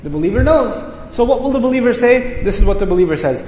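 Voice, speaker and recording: A man's voice: extremely high pitch, animated, quick pace, a little mellow. A man teaching a lecture on Quranic word meanings, explaining with energy and repeating his key words. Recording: echoey hall reverb.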